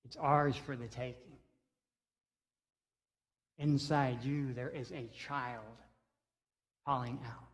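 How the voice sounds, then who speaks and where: A man's voice: mid-range voice, steady tone, takes it slowly, long pauses. A man preaching a sermon as pastor, earnest, with rhythmic repeated lines. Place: church sanctuary. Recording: reverberant church sanctuary.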